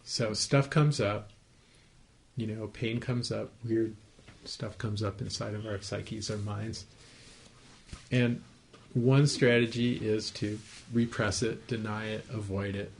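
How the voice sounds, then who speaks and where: Gravelly-voiced man giving a meditation talk. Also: lowish voice, fairly even intonation, slow, pauses often, slight background noise. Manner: conversational, gently explaining, asks the listeners to confirm they follow. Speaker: meditation teacher. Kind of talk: dharma talk to a group. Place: his home, small group room.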